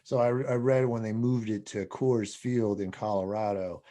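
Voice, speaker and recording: Animated man telling stories. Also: on the low side, normal speed. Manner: animated storyteller, swears, laughs often. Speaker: podcast co-host. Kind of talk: casual chat.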